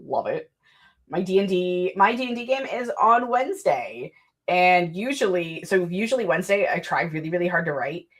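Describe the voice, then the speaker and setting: Woman streamer, slightly low voice, casual rambling chat, self-mocking. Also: fairly bright tone. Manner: chatty, rambling, self-deprecating. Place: home desk.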